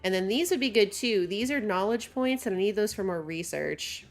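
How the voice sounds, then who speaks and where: Over soft background music, a woman with a mid-range voice and lively intonation talks at a moderate pace. She's casually commentating on a city-building game, chatty with her viewers, reading chat out loud and laughing a lot.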